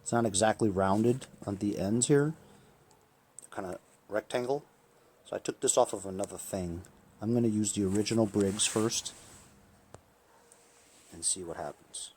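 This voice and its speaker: Speaking at a moderate pace with long pauses, this man has a somewhat low, slightly mellow voice, and there's a little background noise. A small-engine repair vlogger, he casually guides viewers through a lawn tractor engine repair, talking to them as he goes.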